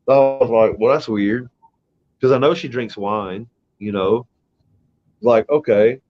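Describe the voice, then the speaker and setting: A man's voice: on the low side, a little slow. A middle-aged man hosting a casual podcast, telling a personal story in a rambling, profane, emotional way. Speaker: podcast host. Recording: dull lo-fi audio.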